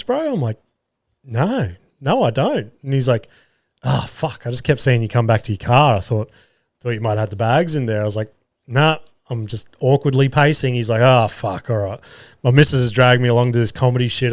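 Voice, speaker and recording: A man's voice: mid-range voice, clear, resonant tone, dry recording, clean studio sound. A man, a podcast host and comedy MC, casually telling stories and swearing freely as he acts out what people said. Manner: swears freely, animated retelling with quoted voices. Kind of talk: casual storytelling chat.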